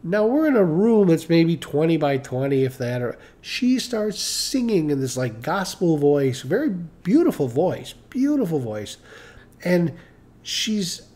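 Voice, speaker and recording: A man's voice: a little high, big pitch swings, measured pace, warm tone. A middle-aged man casually telling a personal story on a live stream, rambling and repeating himself as he acts out what others said.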